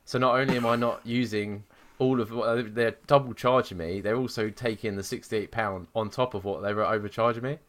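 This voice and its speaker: A man co-hosting a podcast, telling a story in a sweary, animated way and mocking the people he quotes. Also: fairly low pitch, fairly quick, hardly any pauses. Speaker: podcast co-host. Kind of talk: casual chat.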